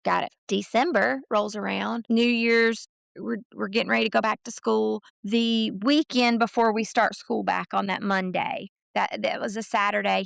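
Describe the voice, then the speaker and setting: A woman's voice: mid-range voice, gravelly, a bit bright, no echo, clean studio sound. A middle-aged woman, a podcast guest chatting casually and retelling conversations in quoted voices, with many fillers. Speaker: podcast guest, mother of a college football recruit. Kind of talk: casual storytelling chat.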